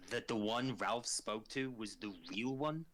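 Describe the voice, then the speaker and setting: A man with a mid-pitched voice playing a tabletop game. He speaks earnestly and casually, raising careful questions to the table. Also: measured pace, fairly bright tone. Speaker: player.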